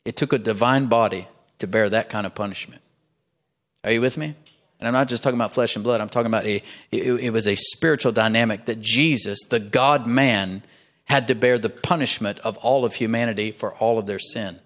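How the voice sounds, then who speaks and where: A man's voice: lowish voice, brisk, a bit bright. A man pastor preaching a sermon in a church, emphatic, punctuating his points with "amen" and rising for emphasis.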